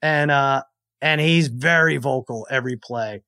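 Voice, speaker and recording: A man in his forties telling a story in casual chat on a podcast, acting out his family's shouts. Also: mid-range voice, measured pace. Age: 40s. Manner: animated storyteller who acts out family members' shouts. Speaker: podcast guest.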